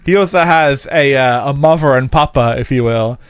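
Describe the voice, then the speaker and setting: A man's voice: mid-range voice, moderate pace, smooth, no room sound. A young man streaming a racing game live, chatting casually with viewers, rambling and swearing with lots of fillers. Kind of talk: live gameplay commentary and chat.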